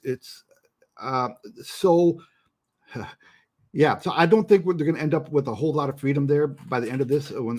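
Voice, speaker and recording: A man's voice: on the high side, darkish tone. Hesitant man hosting a live talk show. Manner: hesitant, restarting words, stumbling over phrases. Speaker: host.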